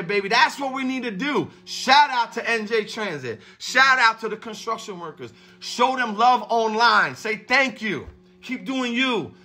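A man hosting a livestream, giving a streetwise motivational pep talk and shouting out viewers by name. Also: sits high. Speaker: livestream host.

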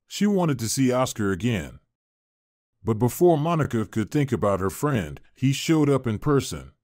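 A man's voice: medium pitch, darkish tone, dry recording. Man narrating a story, dry close read.

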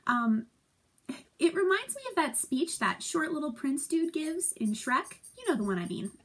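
A woman's voice: high-pitched, big pitch swings, normal speed, a bit bright. Chatty, playful woman teacher. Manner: chatty, playful, acts out quotes with giggles. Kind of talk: casual recorded lesson.

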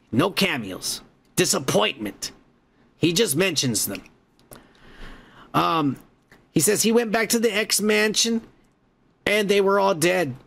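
Podcast host, male, fairly high voice, loose, swearing, rambling recap delivery. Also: creaky. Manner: profane, rambling, excitable. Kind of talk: casual movie recap.

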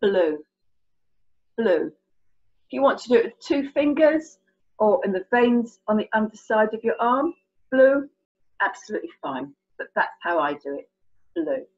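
Lively, husky British woman teaching signs. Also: medium pitch, measured pace, pauses often, highs cut off. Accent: British English. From England. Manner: chatty, playful, encouraging, demonstrating hand signs. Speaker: sign language tutor. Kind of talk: children's signing lesson.

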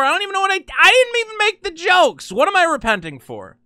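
Excitable bright-voiced man ranting. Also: high-pitched, fairly quick, hardly any pauses, clear, resonant tone, no room sound, clean studio sound. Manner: excitable, rambling, exasperated. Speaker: channel host. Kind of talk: casual commentary vlog.

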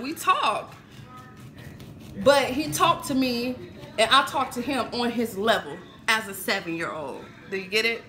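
A woman's voice: on the high side, pushed and bright, a little hiss or hum, low-quality recording. A woman in her thirties chatting casually in a home kitchen vlog, laughing and swearing freely. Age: 30s. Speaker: vlogger. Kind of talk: casual cooking vlog chat.

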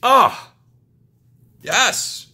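A young man excitedly opening trading card packs for his channel, muttering card names with sudden yelps of delight. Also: extremely slow. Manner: excitable, muttering asides, jumpy pitch. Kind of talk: casual pack-opening commentary.

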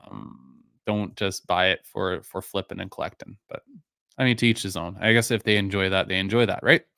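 A man's voice: low voice, moderate pace, creaky, smooth, no echo, studio quality. Man hosting a casual live stream. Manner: relaxed, rambling, many fillers and restarts. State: voice going a bit hoarse. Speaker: live-stream whisky reviewer, host. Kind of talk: casual live-stream chat, answering viewer comments.

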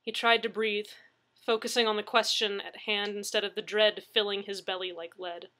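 A woman narrating a story aloud in a measured storytelling manner. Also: mid-range voice, little pitch movement, bright, forceful tone. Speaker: audiobook narrator. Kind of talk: story reading.

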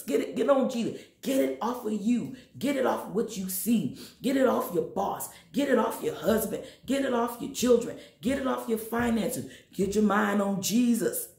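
Woman Sunday school teacher, fervent preacher; gravelly edge, echoey room, bursts of high exhortation. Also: animated, normal speed, a little mellow. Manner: addresses listeners directly. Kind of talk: sermon.

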